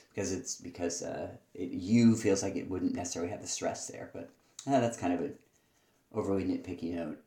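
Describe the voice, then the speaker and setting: A male teacher gives spoken feedback on student writing. He sounds thoughtful and hesitant, with frequent pauses. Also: sits low, warm tone, reverberant.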